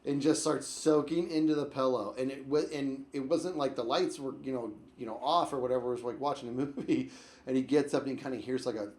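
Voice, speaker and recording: A young man telling a story on his vlog, very animated, swinging from loud outbursts to low mutters and rambling with lots of restarts. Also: brisk. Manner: rambling, full of likes and restarts. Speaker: YouTube storyteller.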